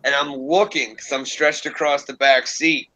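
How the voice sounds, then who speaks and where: A young man hosting a casual livestream, telling a rambling story full of swearing and laughter. His voice is very bright and forward, and it sounds dry and close, with almost no room around it. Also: mid-range voice, moderate pace, no echo, poor audio. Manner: animated, profane storytelling with laughs. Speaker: livestream host.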